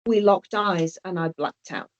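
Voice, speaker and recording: A woman's voice: fairly low pitch, unhurried. A woman telling a personal story as an interview guest, hesitant and often repeating or restarting her words. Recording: dull lo-fi audio.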